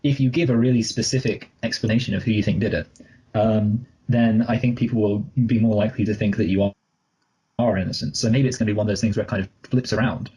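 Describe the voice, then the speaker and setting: A man co-hosting a casual movie review podcast, joking wryly in a deadpan, rambling way. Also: lowish voice, fast, slightly rough, muffled recording. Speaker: podcast co-host. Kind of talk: casual film review chat.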